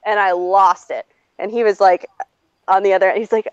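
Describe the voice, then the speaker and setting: A woman co-hosting a podcast, telling a story in a casual, animated way with plenty of swearing and acted-out quotes. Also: medium pitch, clean tone, dry recording, muffled recording. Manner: animated, profane, quick to act out quotes. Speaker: podcast co-host.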